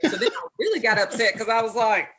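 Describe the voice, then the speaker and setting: Bright-voiced woman telling a story. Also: on the high side, fast talker. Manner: animated storyteller who quotes herself and others. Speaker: interview guest, wife. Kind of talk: conversational storytelling.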